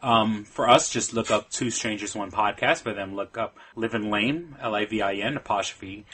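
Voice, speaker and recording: A man's voice: on the low side, normal speed, a bit bright, breathy edge. A man co-hosting a casual podcast, rambling through plugs and stories with many ums and restarts. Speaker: podcast co-host. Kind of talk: casual chat.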